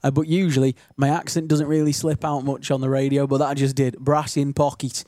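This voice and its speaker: A man's voice: mid-range voice, little pitch movement, quick pace, warm tone, dry recording. A man from Stoke-on-Trent with a local Stoke accent, chatting casually and rambling between songs as a radio DJ in a studio. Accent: Stoke-on-Trent English. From Stoke-on-Trent, England. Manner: chatty, rambling, self-deprecating. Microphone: studio microphone.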